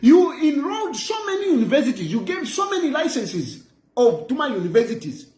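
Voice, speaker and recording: A man's voice: extremely high pitch, big pitch swings, brisk, a little mellow. A man with a Zambian accent, lecturing in a mocking way and repeating phrases for emphasis, recorded in an echoey room. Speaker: political commentator. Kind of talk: impassioned monologue.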